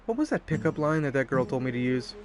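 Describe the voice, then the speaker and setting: A man's voice: medium pitch, very animated, quick pace, faint music behind. A man streaming a visual novel, reading the story aloud and breaking off into profane, self-mocking asides. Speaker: game streamer.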